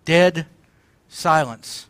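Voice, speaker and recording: Male pastor, sermon, impassioned, emphatic repetition, high voice, dry close sound. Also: drawn-out words, a bit bright, no echo. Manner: impassioned, crying out quoted lines.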